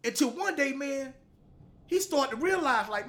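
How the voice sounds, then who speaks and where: A man's voice: very high voice, lively intonation, a little slow, a bit bright. A middle-aged man, hosting a motivational talk show, delivering a blunt, profane, preachy monologue that keeps tagging lines with "man".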